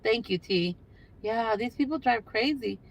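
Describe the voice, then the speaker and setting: A woman's voice: fairly high pitch, lively intonation, a little slow, creaky, rough recording. An older woman hosting a casual livestream from her car, talking to viewers by phone in a rambling, chatty way with lots of fillers. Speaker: livestream host. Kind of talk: casual live chat with viewers. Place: in a parked car.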